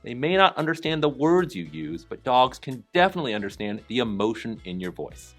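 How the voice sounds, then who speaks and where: Male voice-over for a training video: calm and encouraging, lively in pitch, soft music underneath. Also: fairly quick. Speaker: dog trainer narrating a lesson. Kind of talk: scripted voice-over narration.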